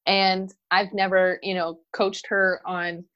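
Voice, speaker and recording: A woman speaking in a relaxed conversation, telling a story with lively, animated delivery. She slips into the voices of the people she quotes. The recording sounds somewhat dull and lo-fi. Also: medium pitch, slow pace. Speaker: mother of a toddler. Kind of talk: casual podcast conversation.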